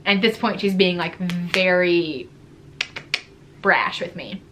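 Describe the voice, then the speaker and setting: A woman's voice: fairly low pitch, slow, background noise. A young adult woman vlogger telling a story in a casual, chatty way, full of "like". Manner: chatty, fillers like "like" throughout.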